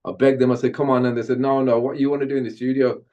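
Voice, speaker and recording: A middle-aged man from Birmingham, England, guesting on an interview podcast and telling stories from his music career in an animated way. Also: medium pitch, rapid-fire, dull audio. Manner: animated storyteller, slips into Jamaican-style patois when chanting. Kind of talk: storytelling interview.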